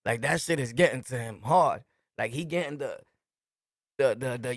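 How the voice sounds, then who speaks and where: A man's voice: medium pitch, moderate pace, pauses often, no room sound, clean studio sound. A middle-aged man from Brooklyn with a New York accent, hosting a podcast and telling street stories in emphatic slang, laughing often. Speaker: podcast host. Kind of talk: casual storytelling monologue.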